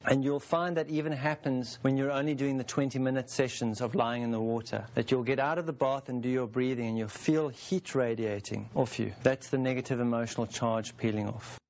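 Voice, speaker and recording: A man in his forties giving a calm, unhurried spoken teaching session, explaining a self-help process through homely metaphors. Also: mid-range voice. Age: 40s.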